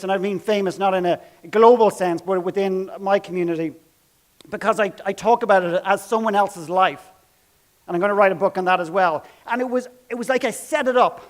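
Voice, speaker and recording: A man telling a story from a workshop, acting out the people's lines and dropping to hushed tones. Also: sits high. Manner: dramatic, acts out quotes, drops to hushed tones. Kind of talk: storytelling talk.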